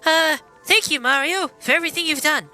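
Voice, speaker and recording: A man's voice: very high-pitched, fairly quick, sharp tone, soft background music, pitched above the performer's own voice, full character voice. A man voicing a chatty, long-winded old female elder creature from a video game. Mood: grateful.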